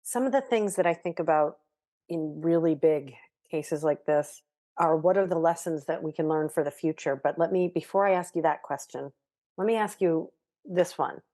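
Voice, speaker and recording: A woman's voice: sits low, normal speed, mellow. A woman co-hosting a podcast, asking thoughtful questions in a reassuring way. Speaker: podcast co-host. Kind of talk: interview questioning.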